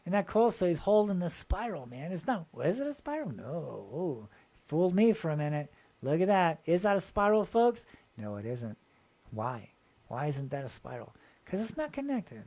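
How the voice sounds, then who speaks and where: A man hosting his own channel, talking excitedly and rambling as he shows viewers pictures, often asking them to look and agree. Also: on the high side, moderate pace, creaky. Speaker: channel host. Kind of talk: casual show-and-tell video.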